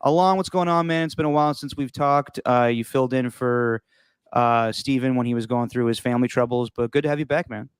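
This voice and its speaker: A young man hosts a sports podcast in a loose, joking way and swears without a second thought. His voice is smooth and resonant. It sounds dry and close, with no room around it. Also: medium pitch, a little fast, no room sound. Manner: loose, swearing, laughs easily. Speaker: podcast host. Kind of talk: casual sports podcast chat.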